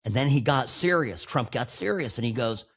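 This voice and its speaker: Radio host man, husky voice, swings up and down a lot, opinionated riffing with asides. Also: mid-range voice. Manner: animated, riffing, quick asides and chuckles. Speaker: radio talk show host and injury lawyer.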